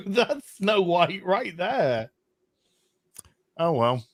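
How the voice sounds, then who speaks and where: A man chatting on a podcast panel, his voice sitting a touch high and swinging widely in pitch as he jokes and laughs. The sound is dry and close, with no room behind it. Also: extremely slow, no echo. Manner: laughing, animated banter. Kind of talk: casual chat.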